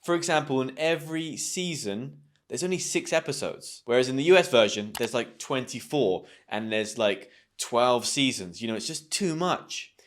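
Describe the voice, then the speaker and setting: Upbeat British English teacher. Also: male voice, mid-range voice, expressive, normal speed. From Britain. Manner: upbeat, chatty, emphatic. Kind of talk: YouTube language lesson.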